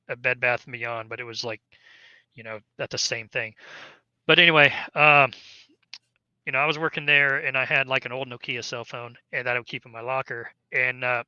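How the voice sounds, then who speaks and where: Bright, crisp-voiced man telling an army story. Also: mid-range voice, no echo, muffled recording. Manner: rambling, many fillers and restarts, acts out quoted dialogue. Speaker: veteran guest telling his story. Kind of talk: casual oral-history storytelling.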